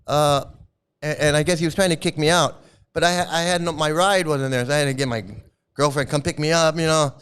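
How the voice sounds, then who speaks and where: A man tells a long personal story in a loose, rambling way, chuckling often between thoughts. His voice sits a little high and sounds smooth and resonant. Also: fairly even intonation, fairly quick, a bit bright. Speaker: former member recounting his experiences.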